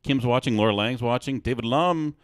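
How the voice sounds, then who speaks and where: A man's voice: mid-range voice, fairly quick, clear, resonant tone, dry recording, studio quality. A man co-hosting a casual live-stream show, cracking jokes and greeting viewers by name. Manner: joking, reads out viewer names. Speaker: co-host.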